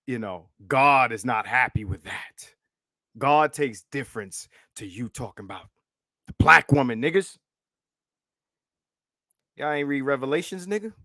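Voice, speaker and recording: A man's voice: mid-range voice, animated, a little slow, pauses often, a bit bright, no echo, clean studio sound. Mocking, profane male livestream host. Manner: profane, mocking, laughs often. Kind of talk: casual livestream commentary.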